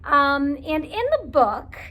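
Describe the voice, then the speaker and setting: Woman reading aloud to kids, very high voice, lively, unhurried. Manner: warm, expressive, children-directed. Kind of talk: children's story read-aloud.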